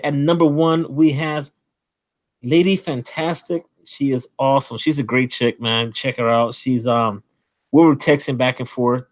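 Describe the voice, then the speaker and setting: A man hosting a comic collecting channel, enthusiastically and nervously rambling through shout-outs to small creators. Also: medium pitch. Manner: admits to nerves, pauses to breathe. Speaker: host. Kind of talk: casual channel shout-out monologue.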